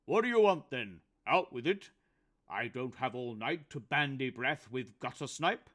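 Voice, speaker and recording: A man's voice: mid-range voice, expressive, a little slow, a bit bright, voice pushed up. Guy doing a crabby old undertaker, sarcastic and snooty, storybook voice. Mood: testy. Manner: testy, sarcastic, pompous. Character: haughty, sardonic old male undertaker.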